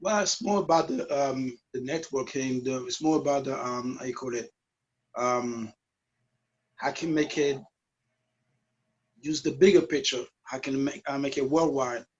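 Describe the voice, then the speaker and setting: A man in his forties with a French Caribbean accent, a dancer and promoter answering as an interview guest. He is soft-spoken and searches for his words. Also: mid-range voice, unhurried, pauses often. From France and the US, Guadeloupean roots. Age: 40s. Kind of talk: interview guest on video call. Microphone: video call. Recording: muffled video call audio.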